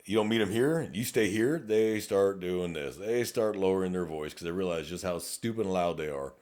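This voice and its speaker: A man's voice: low voice, expressive, moderate pace, darkish tone. A middle-aged man with a Texan accent, a police officer co-hosting a casual podcast, talking bluntly with plenty of profanity and acting out exchanges with drivers. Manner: blunt and profane, acts out traffic-stop exchanges.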